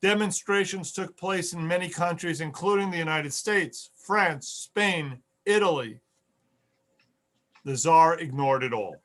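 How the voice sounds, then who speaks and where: A man's voice: a little high, unhurried, a bit bright. A man giving an online history lecture over a video call, earnest, repeating key words for emphasis.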